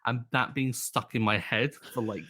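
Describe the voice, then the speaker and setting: A man's voice: medium pitch, moderate pace, bright, forceful tone. A man co-hosting a podcast in casual, rambling chat. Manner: rambling, hesitant, laughs easily. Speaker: podcast co-host.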